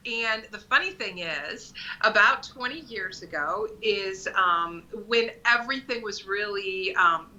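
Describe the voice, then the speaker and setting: A woman's voice: medium pitch, measured pace, sharp tone, muffled recording. A woman in her fifties, a guest in a casual interview, talking conversationally and often adding "right?". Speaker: guest, nail brand creative director.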